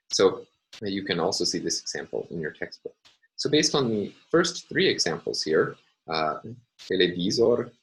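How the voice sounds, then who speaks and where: Low-voiced man giving a lecture. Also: rough recording. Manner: measured, explanatory, with frequent "uh" and "um" pauses. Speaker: university lecturer. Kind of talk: recorded academic lecture.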